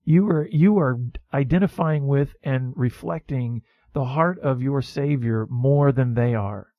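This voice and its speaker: Male co-host, mid-pitched voice, warm direct encouragement, dry studio sound. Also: a little slow, no room sound, narrow, tinny audio. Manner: encouraging, heartfelt, addresses listeners directly. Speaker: Christian talk show co-host. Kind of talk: faith-based conversation.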